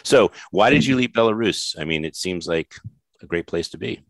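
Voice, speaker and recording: A man's voice: sits low, animated, moderate pace, no room sound, studio quality. A man hosting a podcast interview, talking in a rambling, effusive, jokey way. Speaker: podcast host. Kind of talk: casual interview chat.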